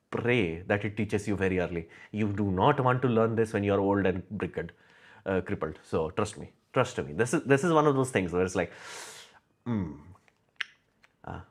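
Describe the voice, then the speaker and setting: A young man hosting a casual livestream chat, musing aloud with lots of fillers. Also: fairly low pitch. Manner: rambling, musing, frequent fillers and laughs. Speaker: livestream host. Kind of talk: casual live chat answering viewers.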